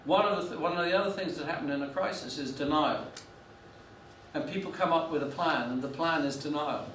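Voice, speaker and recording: A man's voice: a little high, brisk, fairly bright tone, a little hiss or hum. A man lecturing a class, telling a business story with many restarts and fillers. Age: 40s. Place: lecture room. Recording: echoey room, mic from a distance.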